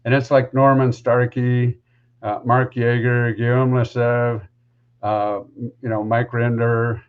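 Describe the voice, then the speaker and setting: Guy rambling through a story on a podcast, muffled low-fi sound, normal voice. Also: little pitch movement, takes it slowly, smooth. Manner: rambling, conversational, lots of asides. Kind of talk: casual storytelling.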